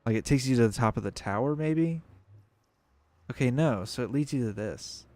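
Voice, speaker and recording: A man's voice: medium pitch, lively intonation, moderate pace, dark tone, dry recording. A young man giving casual, rambling commentary on a video game as he plays, thinking aloud. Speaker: gameplay video creator.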